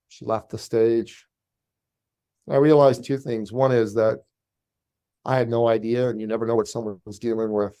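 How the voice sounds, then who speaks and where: A man, a business coach, telling a personal story in a podcast interview and acting out the people in it. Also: mid-range voice. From Canada. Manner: animated storyteller, acts out quoted voices.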